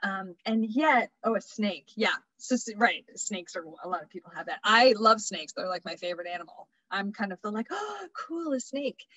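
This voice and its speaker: A woman's voice: medium pitch, brisk, few pauses, fairly bright tone, dry recording, poor audio. A woman presenting a wellness workshop over a webinar, chatty and loose, with many fillers and restarts.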